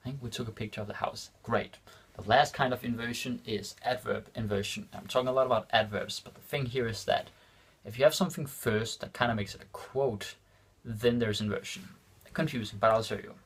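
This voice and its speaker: A man teaching a casual language lesson, repeating example sentences slowly and checking in with the listener. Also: mid-range voice, a bit bright, slightly rough. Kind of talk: casual lesson explaining grammar.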